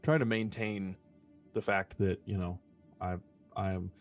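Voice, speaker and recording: A man's voice: sits low, steady tone, unhurried, faint music behind. A man playing a tabletop game, speaking in character in a wry, rambling way. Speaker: player.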